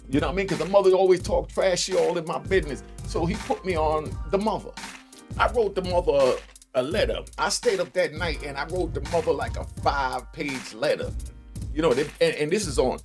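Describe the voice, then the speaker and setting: A man in his sixties rambles through a story in loose street slang, circling back with restarts and asides. His voice sits a bit high for a man. Faint music plays underneath. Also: fairly quick, darkish tone. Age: 60s. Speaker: host. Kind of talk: casual storytelling commentary.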